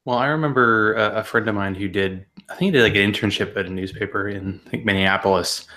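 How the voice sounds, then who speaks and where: A man's voice: fairly low pitch, fast talker, bright, forceful tone. A man hosting an interview podcast, delivering a playful, exaggerated intro and joking with his guest. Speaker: podcast host.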